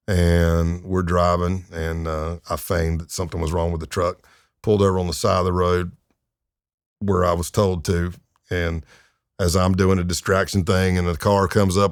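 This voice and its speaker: Low-voiced and recorded at studio quality with no room sound, a fifty-something former undercover agent shares his story as a podcast guest. He's casual and animated, filling his speech with fillers and performing the voices of others.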